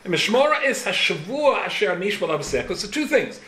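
A man's voice: sits high, big pitch swings, fairly quick, pushed and bright. A man in his seventies giving a Torah lecture, full of rhetorical questions and dry humor. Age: 70s. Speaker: rabbi teaching a Torah class. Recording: echoey room, faint ambience.

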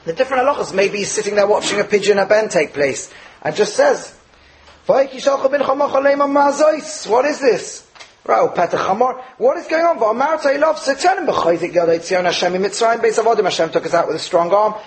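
Animated man giving a high-pitched Torah lecture. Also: fairly quick, poor audio. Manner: animated, rhetorical questions, mixes Hebrew terms into English. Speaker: Torah teacher.

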